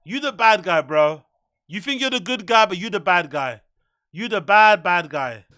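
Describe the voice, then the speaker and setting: A man's voice: high-pitched, expressive, moderate pace, bright, forceful tone, no echo, studio quality. A man hosting reaction commentary, mocking, profane and exasperated. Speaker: show host.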